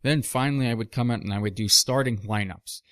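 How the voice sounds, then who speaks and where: A man's voice: mid-range voice, brisk, a bit bright, no echo. A man hosting a podcast, telling reflective stories with frequent asides in a casual monologue. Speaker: podcast host.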